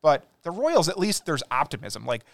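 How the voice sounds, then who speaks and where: A man co-hosting a sports podcast, chatting casually with quick, opinionated takes. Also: fairly high pitch, gravelly, no echo, clean studio sound. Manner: quick, opinionated, animated storytelling. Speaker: podcast co-host.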